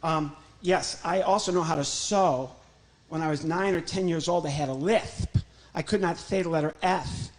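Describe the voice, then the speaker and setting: A man's voice: on the high side, normal speed, a little hiss or hum. A ventriloquist comedian from Illinois, a man doing a chatty, joking live act on a church stage and talking to his puppet.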